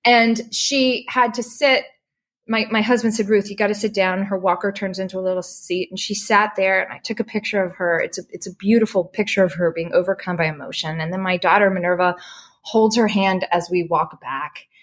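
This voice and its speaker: A woman guest telling a personal story in animated, emotional conversation, often restarting her sentences. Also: medium pitch, brisk. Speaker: podcast guest.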